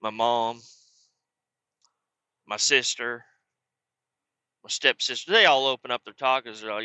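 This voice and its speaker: With a Southern US accent, a man tells a crude, rambling comic story as a character monologue, acting out quotes in loud, high voices. He speaks unhurriedly with frequent pauses, and his tone is clean with no echo.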